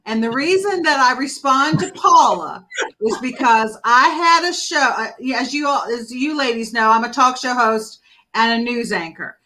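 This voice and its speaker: A woman hosting a live-stream chat over a video call, chatty and animated as she tells stories. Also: fairly high pitch, moderate pace, low-quality recording. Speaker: talk show host.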